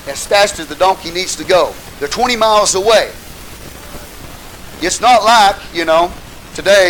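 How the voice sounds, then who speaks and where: A man preaching a sermon with fervor, rising at times to shouts and calling out hallelujah to the congregation. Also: high voice, a little hiss or hum, rough recording. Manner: calls out hallelujah, asks the congregation questions.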